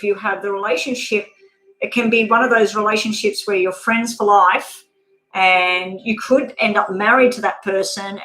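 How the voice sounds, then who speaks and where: A woman's voice: medium pitch, a bit bright. Chatty woman tarot reader, roomy echo. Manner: chatty, laughs often, talks straight to viewers; casual, swears now and then. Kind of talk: live-stream tarot reading.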